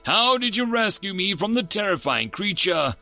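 A tiny alien diplomat speaks in a hollow, high, lilting voice, as a man puts it on. Every phrase comes out stiffly formal and courteous, swooping up and down like a creature reading an audiobook. Faint music sits underneath. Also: very animated, moderate pace, creaky, pushed and bright, full character voice. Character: small hollow-voiced polite alien ambassador.

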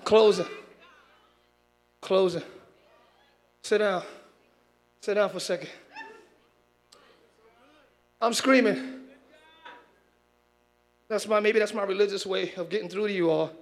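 A pastor with a high-sitting voice, steady in tone and unhurried, preaches a sermon with long pauses. He shouts out to his congregation, pressing them to answer back in call-and-response.

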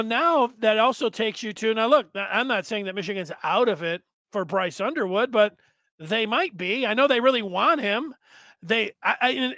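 Animated high-voiced male sports talk host. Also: dry recording. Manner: rambling, animated, with sudden loud bursts. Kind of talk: casual sports talk monologue.

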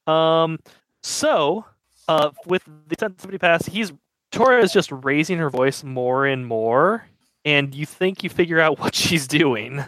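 A man's voice: a little high, expressive, unhurried, fairly bright tone, dry recording, low-quality recording. A man running a tabletop game as game master, narrating in a casual, loose way. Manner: casual, loose, laughing often.

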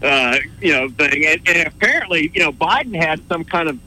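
Bright-voiced chatty male caller. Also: a little high, lively intonation, normal speed, rough recording. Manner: chatty, rambling with restarts. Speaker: caller, former radio colleague. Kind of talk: casual call-in chat.

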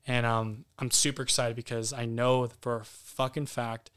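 A man's voice: mid-range voice, level tone, moderate pace, fairly bright tone, clean tone. A man as guest actor on a podcast, talking candidly and casually, with some swearing.

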